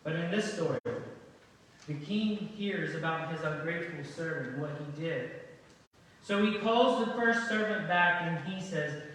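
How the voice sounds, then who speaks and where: A man with a high voice preaching a conversational sermon and putting rhetorical questions to his congregation. He sounds distant, with a long, booming reverb from a large church hall. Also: unhurried, a bit bright, a little hiss or hum. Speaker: pastor. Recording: very echoey church hall from far off.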